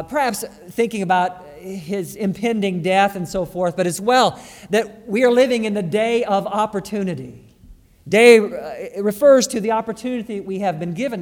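A man preaching a sermon as pastor, halting and repeating words, then rising to emphatic stress. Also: high-pitched, in a large hall. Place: church sanctuary.

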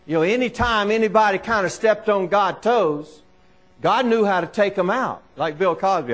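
A man preaching a sermon to a live congregation, animated and repetitive, calling out listeners by name. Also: sits high, normal speed.

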